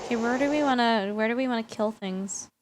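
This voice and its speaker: A woman's voice: a little high, a little fast, a little hiss or hum, poor audio. A woman livestreaming a flight simulator in casual, chatty talk, often apologizing and laughing lightly. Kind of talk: casual stream chat.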